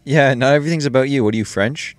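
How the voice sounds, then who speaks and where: A young man hosting a casual gaming session, joking and trash-talking friends and breaking into loud shouts. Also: medium pitch, fast, soft background music. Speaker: gaming YouTuber.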